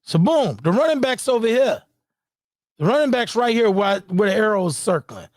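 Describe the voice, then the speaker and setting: A man's voice: lively intonation, moderate pace, no echo, studio quality. Heated, profane man breaking down game film. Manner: heated, profane, repeats "boom" and "you know what I'm saying". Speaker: parent breaking down game footage. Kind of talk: casual screen-share commentary.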